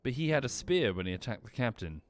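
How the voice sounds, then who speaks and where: A man gives casual commentary on his game stream, thinking aloud with a lively, swinging voice. He keeps apologizing and correcting himself, while faint game music plays underneath. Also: medium pitch, fast.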